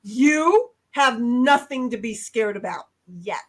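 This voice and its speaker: A high-pitched woman chatting on a casual home livestream. She is blunt and brash, swears freely, and now and then bursts out loud to make a point. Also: animated, takes it slowly. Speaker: livestream co-host. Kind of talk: casual chat.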